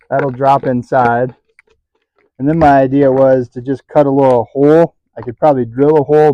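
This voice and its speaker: A man's voice: medium pitch, mellow, dry recording. Chuckling DIY man, dry dull sound. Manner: chatty, self-mocking, chuckles often. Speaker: DIY channel host. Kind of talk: casual hands-on demo vlog.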